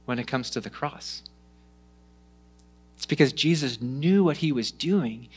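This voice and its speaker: Animated male pastor preaching. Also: medium pitch. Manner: animated storytelling, dropping to hushed tones. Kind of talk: sermon.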